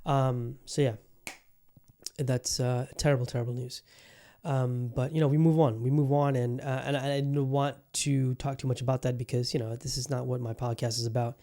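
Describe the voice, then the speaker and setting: A man's voice: medium pitch, little pitch movement, moderate pace, dark tone. A man hosting his own podcast, talking casually and rambling with lots of swearing, moving from somber to heated. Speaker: podcast host. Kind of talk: casual solo podcast rant.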